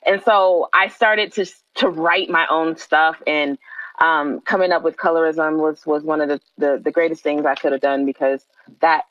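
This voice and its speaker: A woman, a playwright, answering on a podcast in an earnest, thoughtful way with frequent pauses and fillers. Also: deep voice, steady tone, fairly bright tone, no echo, dull audio. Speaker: playwright guest.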